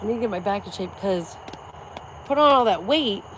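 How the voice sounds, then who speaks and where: A woman's voice: mid-range voice, expressive, brisk, fairly bright tone, slight background noise. A woman in her forties, out of breath, vlogging casually while working out, brash, profane and boastful. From Florida.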